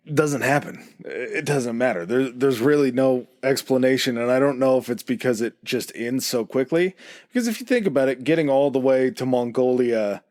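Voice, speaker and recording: Brief: man, mid-pitched, dry close mic, easygoing history storyteller who hedges. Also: no room sound. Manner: relaxed, hedging, with fillers. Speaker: podcast co-host telling the history.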